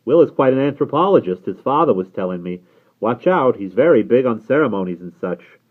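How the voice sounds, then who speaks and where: Storybook figure: hearty middle-aged uncle, breezy and jovial, voiced by a male reader, pitched up, phone-quality audio. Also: animated, a little fast, natural voice. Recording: tinny phone-like sound.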